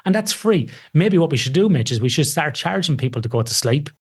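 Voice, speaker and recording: A man speaking as a guest researcher in a casual podcast conversation, animated and emphatic, with a self-deprecating streak. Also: on the high side, fairly quick, husky.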